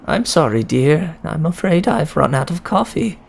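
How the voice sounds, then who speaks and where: A woman's voice: deep voice, sing-song, normal speed, vocal fry, a little mellow, husky, exaggerated voice. A woman voicing a frail, apologetic elderly widow in a horror game, who stammers and hesitates. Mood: resigned. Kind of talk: game dialogue.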